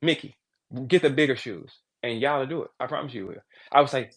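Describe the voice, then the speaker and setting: A man hosting a podcast, ranting in a brash, profane, animated way, jumping between loud outbursts and low asides. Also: brisk, vocal fry. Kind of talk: casual podcast rant.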